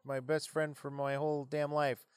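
A man's voice: fairly high pitch, level tone, moderate pace, smooth, no echo, clean studio sound. A man co-hosting a podcast, chatting casually and joking around, sometimes reading old rules aloud. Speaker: podcast co-host. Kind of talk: casual comedic chat.

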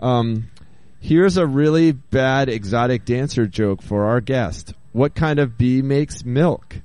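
A man's voice: mid-range voice, takes it slowly, a little mellow, no echo. A man in his middle range hosts a talk show and reads listener messages aloud. He keeps things loose with "um"s and small laughs, and the sound is close and dry from a studio mic. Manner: reads listener texts and jokes aloud, with frequent "uh-huh" and "um". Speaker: radio show host. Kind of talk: casual radio chat.

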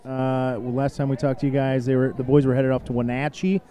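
A man co-hosting a podcast live from an outdoor ballpark deck, recapping game scores in relaxed casual chat. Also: medium pitch, fairly quick. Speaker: podcast co-host.

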